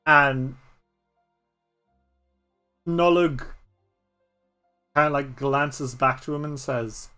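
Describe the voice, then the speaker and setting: A man's voice: medium pitch, extremely slow, long pauses, sharp tone, clear, resonant tone, soft background music. A man with an Irish accent narrating a solo tabletop game as game master in a rambling way, with many fillers.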